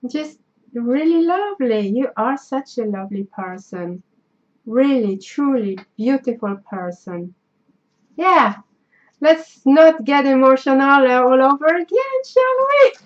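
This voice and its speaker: A woman with a French accent chats through an unboxing vlog, sentimental and effusive in her thanks. She talks unhurriedly in a somewhat high voice. The recording sounds dull and lo-fi. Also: lively intonation, a little slow. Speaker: craft vlogger. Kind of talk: casual unboxing chat.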